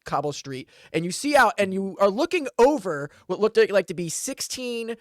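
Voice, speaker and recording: A man's voice: sits high, very animated, normal speed, dry recording. A man narrating a tabletop game as dungeon master, rambling and full of fillers.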